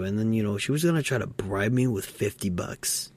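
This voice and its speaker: A man with a lowish voice tells a story in a casual role-play podcast. He sounds tired and talks in a halting way, full of fillers and restarts. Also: animated, a little mellow. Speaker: podcast co-host.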